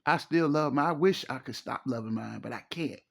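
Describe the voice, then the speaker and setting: A man's voice: mid-range voice, fairly quick, vocal fry, fairly bright tone. A middle-aged man, giving preachy, emphatic relationship advice in a casual monologue and repeating his phrases. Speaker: relationship commentator.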